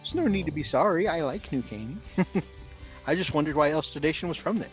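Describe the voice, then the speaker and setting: Chatty guy cohosting a hobby stream, slightly high voice, laughs a lot, faint music under it. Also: animated. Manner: chatty, laughs often, quick asides. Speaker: co-host of a hobby livestream. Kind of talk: casual chat.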